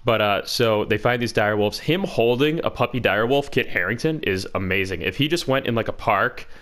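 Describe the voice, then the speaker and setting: Male podcast co-host with a lowish voice and a loose, joking delivery. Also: animated, a bit bright. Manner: joking, jumps between fast riffs and slow drawls. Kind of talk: casual banter podcast.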